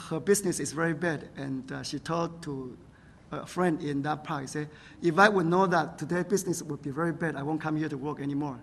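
High-voiced husky man preaching. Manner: frequent "right?" and "huh?" tag questions, non-native phrasing. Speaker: pastor. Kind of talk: sermon.

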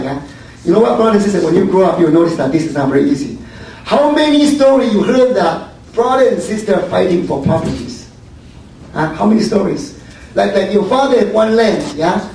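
Male church teacher, slightly high, conversational sermon full of "huh?" tags; far-off mic, very echoey room. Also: animated, fairly quick, darkish tone. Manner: tags questions with "huh?" and "yeah?", repeats words. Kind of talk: Bible study sermon. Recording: very echoey room, distant mic, faint noise.

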